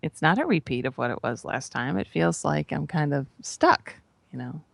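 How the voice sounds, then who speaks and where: A woman shares a personal story during a spiritual talk, speaking casually and checking in with her listeners. Her voice has a gravelly edge, and it is recorded dry, with no room sound. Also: sits low, lively intonation, normal speed, dry recording. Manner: conversational, often adds "right?" and "you know". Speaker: spiritual teacher. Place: radio broadcast.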